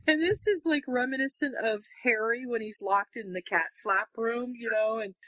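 A woman chatting on a podcast, recapping a story with lively energy. She acts out snatches of the characters' dialogue as she goes. The recording is dry and close. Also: fairly high pitch, normal speed, no room sound, rough recording. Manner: animated, acts out the characters' lines while recapping. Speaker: podcast co-host. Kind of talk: casual chat retelling a fan fiction story.

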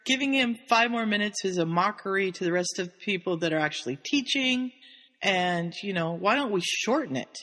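A woman's voice: mid-range voice, lively intonation, normal speed, a bit bright, natural voice. A woman puts on a stern male wizard professor who sounds dismissive and scornful. Her voice stays close to her own, sitting in a middle register. A long reverb trails after the voice.

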